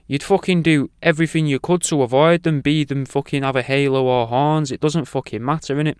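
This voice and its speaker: A man's voice: fairly high pitch, steady tone, fairly quick, smooth, no echo, clean studio sound. A man hosting a radio talk show, rambling off on tangents and swearing freely. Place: radio studio.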